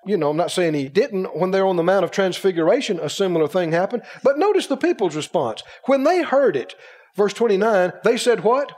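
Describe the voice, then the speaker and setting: A man preaches with a high, lively voice that swoops up and down, asking questions and acting out the people he quotes. The sermon rings with long hall reverb. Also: a little fast. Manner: animated, acts out quoted voices, rhetorical questions.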